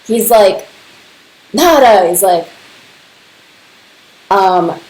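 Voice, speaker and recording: The podcast host, a woman of Serbian family, has a lowish, slightly mellow voice and takes her time. In an echoey room she chats through personal stories, laughing often and saying "like" throughout.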